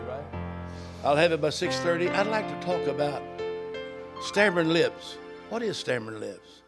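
A man preaching to a church congregation, switching between plain conversational explaining and loud, drawn-out prayer in tongues. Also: a little high. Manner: chants and prays loudly, drawn out and rising. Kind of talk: charismatic sermon with prayer and tongues.

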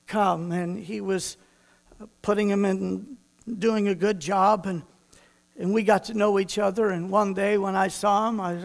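A man's voice: high-pitched, vocal fry, a bit bright. A man preaching a sermon, telling a folksy personal story and voicing the people in it.

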